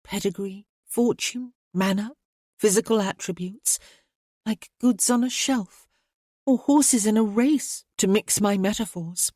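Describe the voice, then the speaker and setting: A woman's voice: medium pitch, a little slow, mellow, no echo, lightly acted. Lady doing a wry young society girl, cynical and thoughtful, dry close sound. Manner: wry, reflective.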